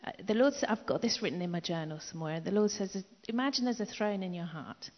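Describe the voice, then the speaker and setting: A middle-aged woman preaching a sermon in an emphatic way, repeating key phrases and dropping into soft asides. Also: medium pitch, fast. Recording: dull echoey hall recording.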